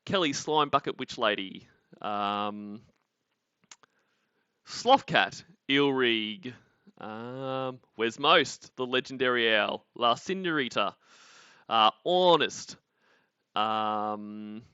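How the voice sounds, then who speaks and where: Stream host, Australian man: bright, forceful voice, loose and profane, a bit dull on the mic. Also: mid-range voice, slow pace, pauses often, clean tone, dry recording. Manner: laughing, sweary banter. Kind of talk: casual commentary chat.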